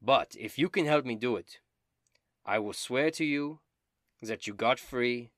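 A man's voice: medium pitch, a little slow, no echo, clean studio sound, voice pushed up, close to an everyday voice. A man doing a pompous bard. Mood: scheming. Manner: formal, self-important, excitable. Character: scheming male bard, polite and ambitious.

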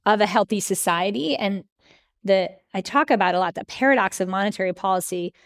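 A woman speaking as a guest in a conversational interview, telling stories with lively acted-out quotes. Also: mid-range voice, a little fast. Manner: animated storyteller, acts out quoted letters. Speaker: guest author, historian.

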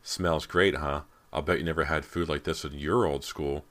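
A confident, sarcastic teenage girl, voiced by a man in an audiobook. She teases with a lively, sing-song delivery over a deep voice. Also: fast talker, exaggerated voice. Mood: teasing. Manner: sarcastic, teasing.

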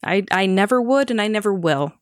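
A woman's voice: medium pitch, expressive, brisk, dry recording, clean studio sound. A woman co-hosting a podcast in casual chat, joking playfully and often laughing. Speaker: podcast co-host.

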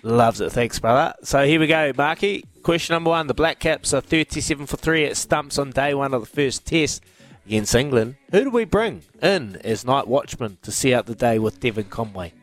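A man's voice: mid-range voice, expressive, normal speed. A man with a New Zealand accent hosting a radio sports quiz, bantering and teasing callers. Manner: cheeky, teasing, laughs often.

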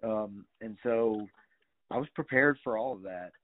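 A man's voice: on the low side, unhurried. A middle-aged man telling stories casually as a guest, rambling with many fillers and some swearing. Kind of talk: casual storytelling. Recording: tinny phone-like sound.

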